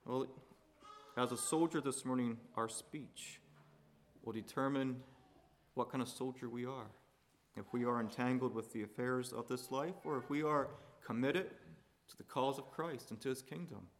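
A man preaching a sermon, building to loud emphatic peaks and dropping low and quiet between points. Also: moderate pace, slight background noise. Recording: hall reverb.

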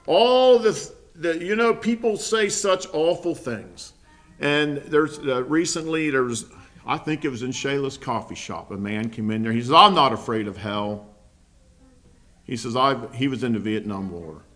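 A man teaching a Bible lesson to a small group, earnest and halting, often restarting his sentences. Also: mid-range voice, fairly bright tone. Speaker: preacher.

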